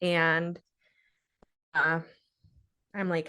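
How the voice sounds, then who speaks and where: A young woman telling a personal story in a podcast interview, speaking haltingly and with feeling, with many pauses and fillers. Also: lowish voice, fairly even intonation, fairly bright tone. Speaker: guest sharing a personal story.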